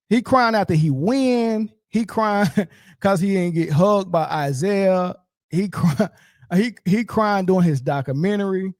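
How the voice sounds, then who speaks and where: A man hosting a sports commentary show, ranting in a mocking, profane and animated way. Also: sits high, measured pace, no room sound.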